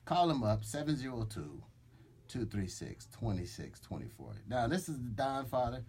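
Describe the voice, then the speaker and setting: A man's voice: mid-range voice, very animated, normal speed, a little mellow, husky. A man voicing a boastful, threatening mob boss enforcer as a comic character on a radio show, speaking into a studio microphone. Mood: exasperated. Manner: swaggering, threatening, rambling with restarts.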